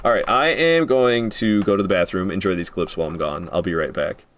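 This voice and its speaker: Between fights in a video game stream, a man with a low, fairly bright voice talks a little fast, and there is a little hiss or hum on the recording. He chats casually and rambles, swearing freely and going off on rants.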